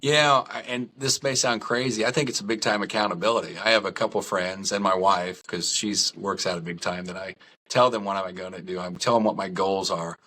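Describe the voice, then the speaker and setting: Bright, forceful middle-aged man. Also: low-pitched, fairly quick, slight background noise. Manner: lively storytelling, candid and self-deprecating. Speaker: podcast guest. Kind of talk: casual chat.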